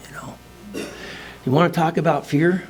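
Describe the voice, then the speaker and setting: A man's voice: on the high side, steady tone, moderate pace, a little mellow, breathy edge. A middle-aged man speaking at a recovery meeting, telling his personal story in a rambling, humorous way with casual slang. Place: meeting room.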